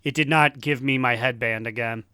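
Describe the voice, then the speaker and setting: A man's voice: medium pitch, fairly even intonation, normal speed, bright, forceful tone, clean tone, no echo, clean studio sound. A man co-hosting a podcast, talking animatedly about a video game, laughing often and swearing casually. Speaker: podcast co-host. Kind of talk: casual gaming chat.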